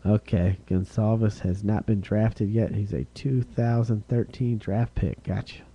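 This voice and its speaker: A man hosting a live-streamed card break, calling out each card and who gets it, getting excited over rare hits. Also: lowish voice, a little slow, breathy edge, dull audio. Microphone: streaming setup.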